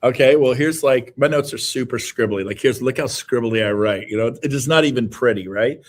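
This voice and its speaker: A middle-aged man, a guest on an interview show, giving an energetic, emphatic motivational talk that is full of repeated exhortations. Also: medium pitch, a little fast.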